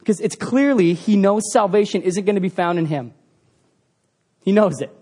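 A young adult man with a high-pitched voice preaching to his church. He talks casually and acts out the people in his stories, with lively swings in pitch and loudness. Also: normal speed. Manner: animated, acts out quoted voices. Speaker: pastor. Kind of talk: sermon.

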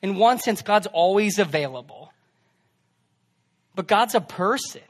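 A young male pastor with a high voice preaches to his congregation in a casual, talky sermon. He swings from loud, emphatic lines to quiet, hushed asides. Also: animated, unhurried.

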